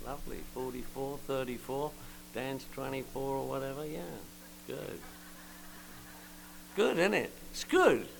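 A man's voice: medium pitch, unhurried, gravelly, pauses often, noisy background. An older man giving a joking, colloquial personal testimony at a recovery meeting. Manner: joking, colloquial storyteller with slangy asides.

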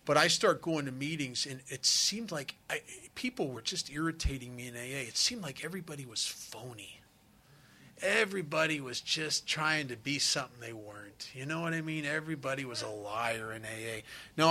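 A man's voice: mid-range voice, bright, forceful tone. A middle-aged man telling a candid, confessional recovery story at a meeting. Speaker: recovering alcoholic sharing his story.

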